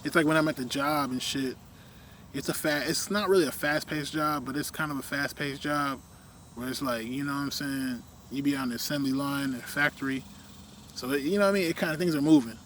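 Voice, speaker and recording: A young man in a casual, rambling rant, full of fillers, often trailing off quietly at the ends of his thoughts. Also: medium pitch, slight background noise.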